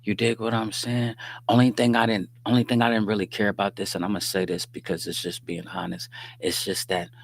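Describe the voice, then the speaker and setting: A man with a lowish voice hosts a livestream and talks faith in an easy, conversational way. He mixes street slang with sermon-like points and keeps checking that his listeners are following. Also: level tone, fairly quick, gravelly, slight background noise. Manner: conversational and preachy, often asks "you dig what I'm saying"; streetwise slang, joking asides with laughter. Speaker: livestream host. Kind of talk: casual faith-based livestream talk. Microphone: livestream microphone.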